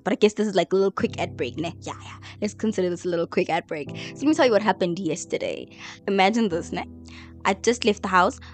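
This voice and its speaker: Woman, emotional chatty faith story, lots of "like", mid-pitched voice. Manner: emotional, chatty, heavy use of "like". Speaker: vlogger. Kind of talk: personal faith testimony.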